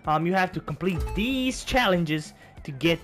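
A man giving casual gameplay commentary, profane and excitable, trash-talking as he plays. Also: sits high, a little slow. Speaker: gaming channel host. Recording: game music behind.

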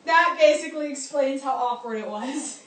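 A woman's voice: high-pitched, moderate pace, far from the mic. A teenage girl helping a friend with a video, teasing and laughing from off to the side. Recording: echoey room, off-mic.

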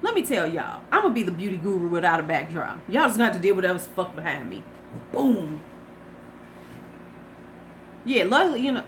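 A woman's voice: fairly low pitch, sing-song, a little fast, pauses often, poor audio. A middle-aged woman chatting casually and profanely to viewers on a beauty livestream from her porch. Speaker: beauty vlogger. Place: home porch. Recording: faint ambient noise.

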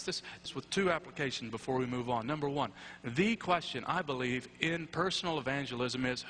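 A man's voice: fairly high pitch, bright, forceful tone. A man preaching a sermon in a chapel, conversational, with tag questions and wry asides. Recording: echoey chapel with faint hum.

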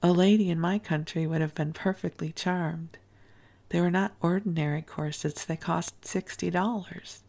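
A woman reading the lines of an earnest, naive male diplomat in love, in a gentle, soft-spoken way. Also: on the low side, fairly even intonation, moderate pace, gravelly. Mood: dismayed.

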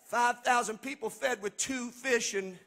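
A man preaching a sermon as pastor, swinging between shouted, sing-song passages and hushed, conversational asides. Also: extremely high pitch, unhurried.

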